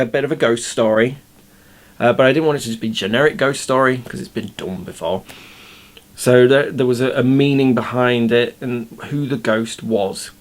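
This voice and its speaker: A man, the show runner and writer, talking casually about his episodes, explaining with enthusiasm and frequent restarts. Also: mid-range voice. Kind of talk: casual behind-the-scenes commentary.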